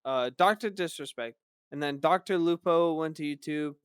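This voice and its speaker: A man's voice: fairly high pitch, normal speed, clear, resonant tone, no echo, studio quality. A man chatting casually on a podcast, rambling and swearing as he retells work stories. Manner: rambling, sweary, acts out coworkers. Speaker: podcast co-host. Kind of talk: casual chat.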